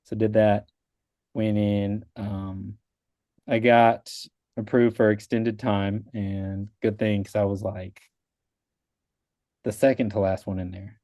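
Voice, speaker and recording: Talking slowly with long pauses, a man with a fairly low pitch, little pitch movement, and a dark tone tells his exam-passing story as a guest on a video call. He is an adult with a wife and young kids, and his telling is casual and rambling, full of "like", with quoted people acted out. The recording is dry and studio quality.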